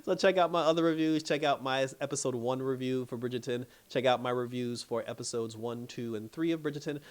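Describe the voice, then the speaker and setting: A man's voice: mid-range voice, fairly quick. A man hosting his own channel, chatting casually through an episode recap, laughing often and acting out the characters' lines. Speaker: TV episode reviewer.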